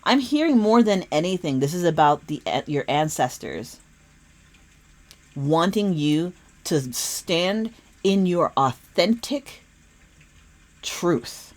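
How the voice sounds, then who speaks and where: A woman's voice: fairly low pitch, big pitch swings, takes it slowly, pauses often, darkish tone. A woman giving an earnest, emphatic spiritual tarot reading, repeating phrases for weight. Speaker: tarot reader.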